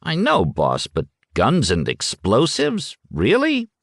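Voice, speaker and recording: A man doing a cocky, blustering chatterbox of a man, pitched well above the reader's own voice and bouncing through a lively range. He talks fast and brags, with a dry, close sound and no room around it. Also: no room sound, heavily acted. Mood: nervously pushy. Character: brash boastful loudmouth man, a chatterer.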